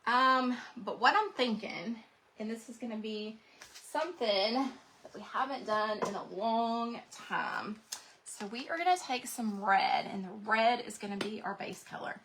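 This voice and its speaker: A woman hosting a live craft stream, chatting casually to her viewers and thinking out loud as she paints. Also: a little high, expressive, unhurried, background noise. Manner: rambling, talks to viewers directly. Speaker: craft livestream host.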